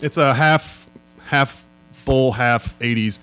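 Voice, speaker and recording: A man guesting on a live comedy podcast, reading out jokes in a deadpan, rambling way. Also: mid-range voice, slow, faint music behind. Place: live show venue with an audience.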